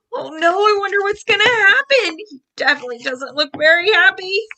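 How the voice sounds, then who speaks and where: A woman reading a picture book aloud to young children, animated and exclamatory, gasping and asking them questions. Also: very high voice, normal speed, rough recording. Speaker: storyteller for children.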